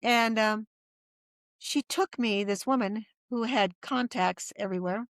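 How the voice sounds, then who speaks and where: Middle-aged lady telling stories on a podcast, kinda high voice, does the voices, dry close mic. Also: unhurried, no echo. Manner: lively storyteller who acts out quoted voices. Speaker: guest. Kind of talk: storytelling in a podcast interview.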